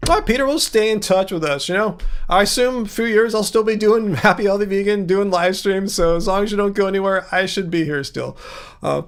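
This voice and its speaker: A man in his fifties hosting a casual livestream from a home music studio, with a sing-song baritone voice that leaps high to stress words. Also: fairly quick, smooth. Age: 50s. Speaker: livestream host.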